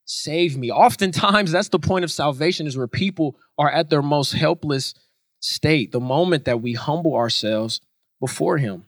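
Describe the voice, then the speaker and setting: An earnest man preaching a sermon, with a voice pitched a bit high for a man. He drives his points home by repeating them. The recording is close and dry. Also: moderate pace, no room sound. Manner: earnest, emphatic repetition.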